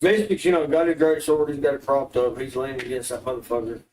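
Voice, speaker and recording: A man's voice: mid-range voice, fairly even intonation, quick pace, darkish tone. Crude, joking man at a game table. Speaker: player. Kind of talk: casual tabletop game chat. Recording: roomy, distant from the mic, faint background noise.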